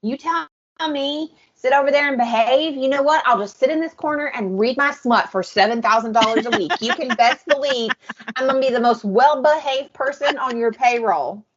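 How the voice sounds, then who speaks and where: Woman, podcast co-host, sassy, joking, casual asides, a little high voice, muffled audio. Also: brisk, a bit bright, a little hiss or hum. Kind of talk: casual chat.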